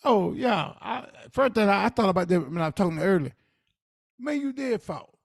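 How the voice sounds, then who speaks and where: A man's voice: high voice, normal speed, creaky, no echo. A middle-aged man co-hosting a podcast, talking emphatically in casual dialect and telling stories from his own life. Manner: emphatic, animated storytelling with dialect speech. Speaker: podcast co-host. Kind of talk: casual conversational advice.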